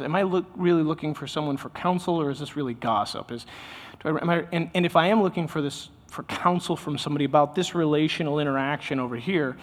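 A man's voice: on the high side, in a large hall. A man preaching a sermon in a loose, conversational way, often restarting his sentences. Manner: conversational, self-interrupting, with many restarts. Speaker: pastor.

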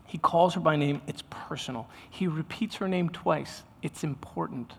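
A man's voice: on the high side, moderate pace, slightly rough. Chatty man preaching in a hall. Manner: conversational, self-interrupting, with many restarts. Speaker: pastor. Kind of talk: sermon.

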